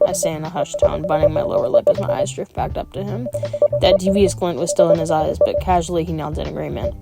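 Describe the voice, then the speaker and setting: A woman's voice: fairly low pitch, very animated, a little fast, vocal fry. A woman reading a visual novel aloud as a gaming streamer, with wry, playful asides. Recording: game music playing behind.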